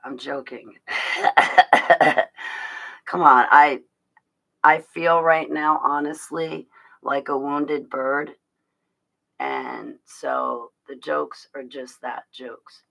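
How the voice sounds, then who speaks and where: A woman chats casually to her livestream viewers in a rough, gravelly voice. Her tone is bright and pushy, rambling and confiding, with frequent restarts and little laughs. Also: a bass voice, fairly even intonation, very slow, long pauses, low-quality recording. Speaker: livestream host talking to her chat.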